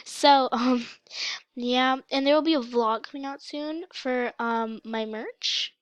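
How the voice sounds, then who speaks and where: A young woman casually commenting on her gameplay for her channel, chatty and excitable, with a slight cough. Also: high voice, slow, smooth, no echo. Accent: mock British, put on. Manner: chatty, excitable, breaks into gasps and shouts. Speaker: gaming channel host.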